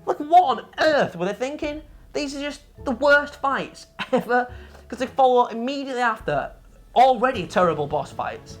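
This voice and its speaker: A woman's voice: high voice, animated, moderate pace, soft background music. A woman co-hosting a game review show, ranting about a game in casual, profane, exasperated chat.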